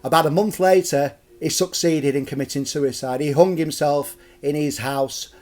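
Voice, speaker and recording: A man's voice: a little high, steady tone, normal speed, a little mellow. A middle-aged man hosting a live storytelling stream, chatty, jokey and digressive. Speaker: storyteller and host.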